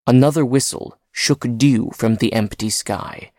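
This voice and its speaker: A man reading a story aloud in dramatic narration, phrase by phrase with pauses. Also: fairly low pitch, a little mellow, no echo, studio quality.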